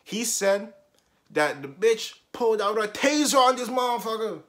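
A young man recounting a school story in a loose, slangy vlog, his voice swinging widely up and down as he gets worked up. He sits a little higher than most men, and he flips between loud bursts and low, mumbled side comments. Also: moderate pace. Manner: animated slangy storytelling with heavy swearing; jumps between loud outbursts and muttered asides. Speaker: vlogger telling a story.

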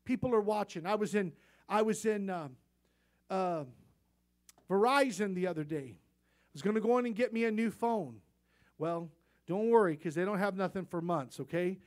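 A man's voice: high-pitched, moderate pace, long pauses, a little mellow. A middle-aged male pastor preaching a sermon, telling folksy stories and rising to emphatic peaks.

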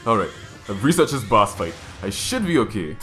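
A man's voice: lowish voice, big pitch swings, moderate pace, a bit bright, faint music behind. A man hosting a gaming channel, giving casual, chatty commentary while he plays and jokes about his own mistakes. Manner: chatty, self-deprecating, coaching himself aloud. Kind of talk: casual let's-play commentary.

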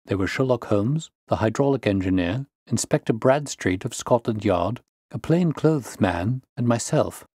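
A man narrating a classic detective story in a steady, measured reading voice. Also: medium pitch, slightly rough, dry recording, studio quality. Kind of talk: audiobook narration.

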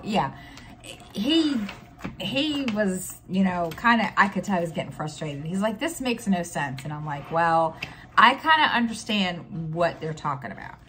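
A woman's voice: on the low side, fairly bright tone, slight background noise. A middle-aged woman vlogging in casual chat, rambling with many fillers and restarts, telling an exasperated story with sighs.

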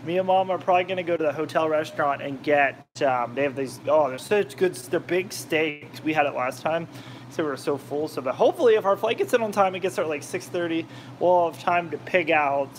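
A man's voice: on the high side, a little fast, slight background noise. A man hosting a cooking video from his home kitchen, chatting casually and rambling off topic while he cooks. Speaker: cooking vlogger, channel host. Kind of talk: casual chat while cooking, reading viewer comments.

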